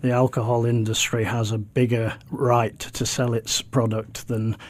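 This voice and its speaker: A man speaking as a public health guest in a radio debate, measured and hesitant. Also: mid-range voice, level tone.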